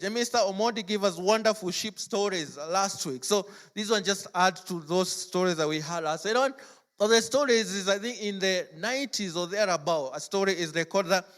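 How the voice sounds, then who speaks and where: A man's voice: high-pitched, fairly bright tone. A man preaching a sermon in a church, telling stories in a chatty way full of "like" and "as it were". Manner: chatty storytelling, frequent "like" and "as it were". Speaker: pastor.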